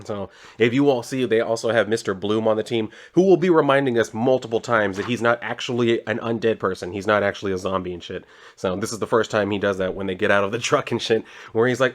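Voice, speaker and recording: A man's voice: lowish voice, fairly quick. A man casually retelling a comic book, rambling and swearing, with lots of "he's like" and "she's like.". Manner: rambling, profane, chatty retelling with frequent "like". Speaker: comic book video host.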